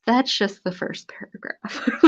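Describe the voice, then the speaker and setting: A woman's voice: a little high, lively intonation, slow pace. A woman hosting a casual live stream, amused and chatty, reading aloud from an old magazine with theatrical emphasis. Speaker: antique book seller hosting a live stream. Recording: dull lo-fi live stream audio.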